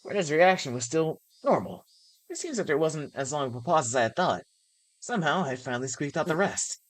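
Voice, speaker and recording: Her voice sitting low, a woman reads aloud from a visual novel on stream, voicing its first-person narration fairly quickly. She laughs at some moments and gets excited in the gaps between passages.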